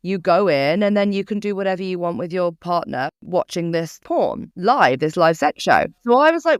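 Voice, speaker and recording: A young woman co-hosting a podcast, telling a story in casual chat with a British English accent, animated and swearing freely. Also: on the low side, moderate pace, few pauses, clear, resonant tone, dry recording. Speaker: podcast co-host.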